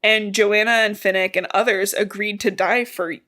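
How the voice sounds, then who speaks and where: A woman's voice: medium pitch, steady tone, normal speed, sharp tone. A young woman podcast co-host retelling a novel's plot in casual chat, swearing freely and acting out the characters' lines. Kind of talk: casual book recap chat.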